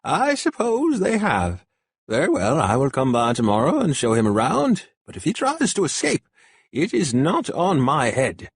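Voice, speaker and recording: A weary old adviser with a raised, thin, breathy voice that sounds worn and cautious, as a male narrator puts him on. He pleads gently and sighs through his words, dry and close to the listener. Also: a little high, huge pitch swings, moderate pace, no echo, pitched above the performer's own voice, full character voice.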